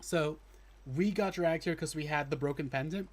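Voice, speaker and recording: A man's voice: fairly high pitch, normal speed. A man casually commentating while playing a video game, chatty and self-deprecating, with casual swearing. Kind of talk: casual let's play commentary.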